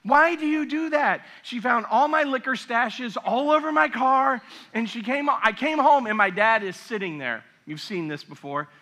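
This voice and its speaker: A man's voice: very high voice, lively intonation, moderate pace, bright, forceful tone. A middle-aged male pastor giving a sermon, telling stories in a chatty way with acted asides. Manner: conversational storytelling with acted asides.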